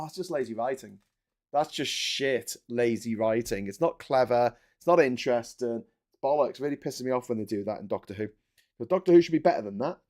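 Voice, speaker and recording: A mid-range, slightly mellow male voice belongs to a man in his forties hosting a casual live stream. He chats animatedly while building, rambling along and swearing now and then.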